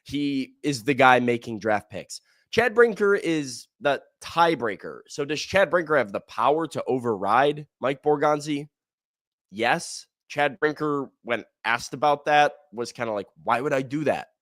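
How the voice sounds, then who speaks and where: A man's voice: mid-range voice, a little slow, no echo. Man, sports podcast host, casual rambling talk, dry sound. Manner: excitable, rambling with restarts.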